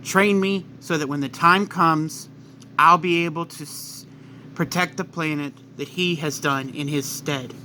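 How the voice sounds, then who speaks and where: Resolute grieving wife with a firm, pleading delivery and a raised, bright voice, as a man puts her on. Fan story reading. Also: a little high, steady tone, a little slow, slight background noise. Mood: determined. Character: determined young wife, grieving but resolute.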